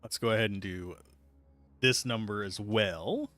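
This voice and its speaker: A man's voice: lowish voice, a little slow, fairly bright tone, no room sound. A man livestreaming a video game, chatting in a rambling, casual way and swearing now and then when something annoys him. He talks from his desk at home. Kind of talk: casual gameplay commentary. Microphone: close mic with earbuds at a PC.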